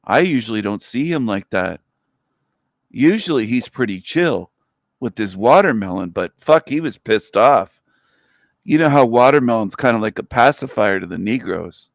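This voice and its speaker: A man's voice: medium pitch, animated, moderate pace, gravelly, no echo, studio quality. A man hosting a livestream, talking in a mocking, rambling, crude way. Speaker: livestream host. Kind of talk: casual livestream monologue.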